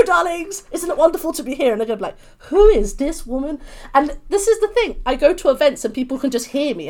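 A bubbly young woman with a London accent, talking as an interview guest. Her voice sits a touch high, and she keeps her talk lively and expressive. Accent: British, London. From London, England. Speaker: podcast guest. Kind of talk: casual interview chat.

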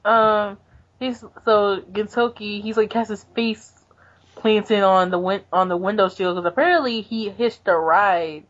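A woman's voice: medium pitch, unhurried, highs cut off. Young woman rambling through a story. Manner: rambling storyteller, laughs often. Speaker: podcast co-host. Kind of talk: casual chat recapping a manga.

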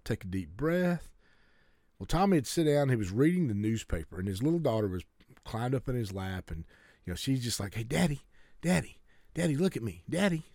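A man preaches to a congregation, urging them earnestly while often stumbling and restarting his sentences. His voice is on the low side with a darkish tone, captured in a dry, studio-quality recording.

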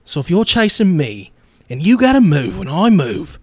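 Tough thief in mock street British, done by a guy, loud and pushed. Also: fairly high pitch, very animated, normal speed, pitched above the performer's own voice. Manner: exaggerated tough-guy delivery. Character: hardened male career thief, cool and blunt. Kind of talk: casual script read.

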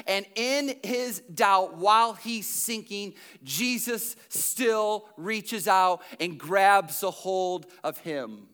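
A man who is a pastor, preaching a sermon in a church with dynamic delivery that swings from loud to hushed. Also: very high-pitched, clear, resonant tone.

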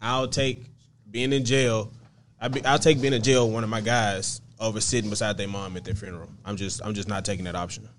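A man's voice: lowish voice, little pitch movement, fairly quick, slight background noise. A man in casual chat, firm and emphatic, repeating words as he pushes his point.

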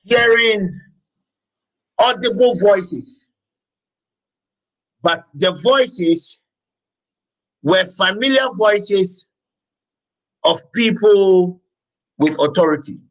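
A man preaching a sermon as pastor, emphatic, repeating phrases and shouting out words now and then. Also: high-pitched, very slow, pauses often, low-quality recording.

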